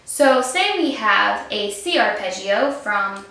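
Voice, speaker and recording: A woman harp teacher explaining arpeggio practice step by step in a calm voice while she plays. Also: mid-range voice, takes it slowly, recorded from a distance. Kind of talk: instrumental lesson demonstration. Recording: roomy echo, voice from off mic, harp playing.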